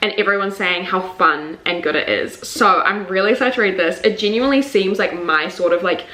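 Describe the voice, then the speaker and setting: A young woman chats through an unboxing in a gushing, filler-heavy way, exclaiming often. Her voice sits at an ordinary pitch for a woman. The room around her rings with noticeable echo. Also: brisk, pushed and bright. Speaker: book vlogger. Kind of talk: casual unboxing chat. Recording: echoey room.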